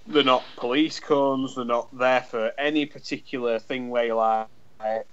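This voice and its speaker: A man's voice: medium pitch, steady tone, normal speed, a bit bright, muffled recording. A man, co-hosting a podcast and telling a rambling anecdote in casual chat, swearing freely and acting out both sides of a conversation. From England. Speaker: podcast co-host.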